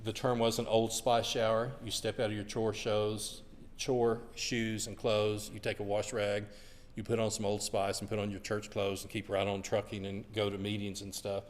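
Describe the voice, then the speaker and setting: A man's voice: lowish voice, little pitch movement, moderate pace. A man sharing folksy family stories while co-teaching a church class. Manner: folksy, anecdotal. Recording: reverberant hall.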